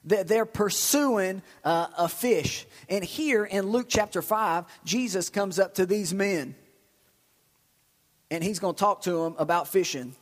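High-voiced preacher in a reverberant hall. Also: male voice, unhurried. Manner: lively storytelling with shouts and repetitions. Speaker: pastor. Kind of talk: sermon. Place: church.

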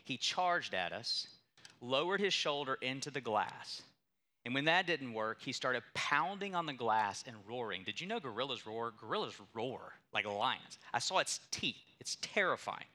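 A man's voice: mid-range voice, sing-song, moderate pace, bright, forceful tone. A young adult male pastor preaching a sermon, telling a story with emphatic, building intensity.

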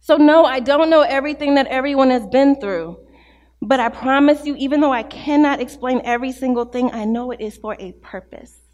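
High-voiced woman preaching in a hall. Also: fairly quick. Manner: impassioned, testimonial, rising and falling between hushed and loud. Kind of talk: sermon. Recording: long hall reverb.

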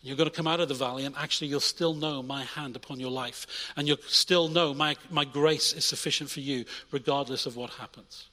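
A young adult man preaching a sermon in a church, energetic, swinging between loud urging and quiet intimate asides. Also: mid-range voice, fairly quick, hardly any pauses, in a large hall. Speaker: pastor.

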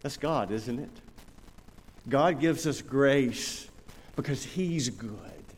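A man's voice: mid-range voice, expressive, slow, a little mellow, long reverb tail. An older man preaching a sermon, telling stories and acting out little dialogues in a conversational way. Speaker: pastor.

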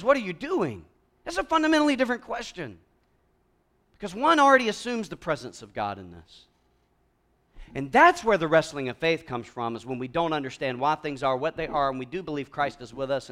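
A man preaching a conversational sermon, moving from hushed, slow passages to loud, emphatic ones. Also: a little high. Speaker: pastor.

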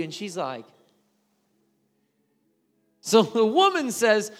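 A man preaching a sermon in an animated, conversational storytelling way. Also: on the high side, normal speed, long reverb tail.

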